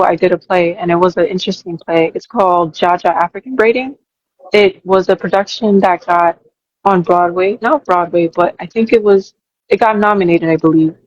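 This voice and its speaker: A woman's voice: on the low side, darkish tone, no echo, lo-fi sound. A young woman, a college student, answering interview questions in an earnest way, thinking aloud and restarting her sentences. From New York. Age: young adult. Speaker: interview guest.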